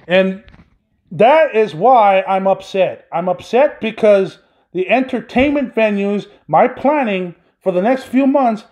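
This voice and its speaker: High-voiced man in an angry profane rant. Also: darkish tone. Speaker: podcast host. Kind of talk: solo podcast rant. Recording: dull lo-fi recording.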